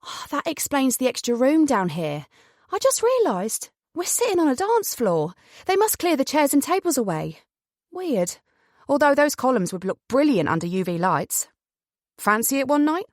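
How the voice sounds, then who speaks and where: A woman's voice: high-pitched, sing-song, moderate pace, dry recording, studio quality, voice pushed up. A woman voicing a wry, teasing young woman on holiday, in an audiobook.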